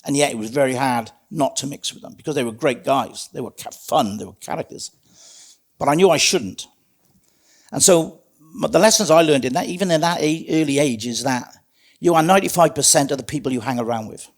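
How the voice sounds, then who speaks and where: A man's voice: medium pitch, brisk. A middle-aged man, telling his life story as a guest in an interview in an earnest, plain-spoken way. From South Wales. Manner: earnest, plain-spoken, calls the host mate.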